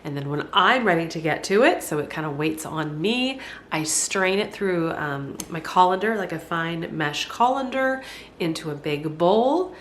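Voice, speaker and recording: A woman's voice: lowish voice, expressive, measured pace, slight background noise. A congested woman, chatting folksily to viewers while she cooks in her home kitchen. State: congested, stuffy voice. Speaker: homesteading vlogger. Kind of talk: casual cooking demonstration.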